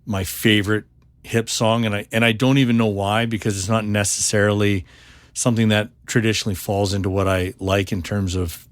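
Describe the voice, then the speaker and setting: A man's voice: fairly low pitch, flat delivery, a little fast, no room sound. A man hosting a casual podcast chat, often repeating words as he gathers his thoughts. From Canada. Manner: stammering, repeats words while thinking. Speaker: podcast host.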